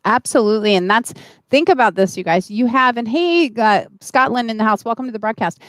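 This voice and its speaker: A woman's voice: fairly high pitch, a little fast, fairly bright tone, no room sound. A woman hosting a live-stream interview, talking eagerly and speaking straight to her viewers. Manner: enthusiastic, addresses viewers directly. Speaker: host.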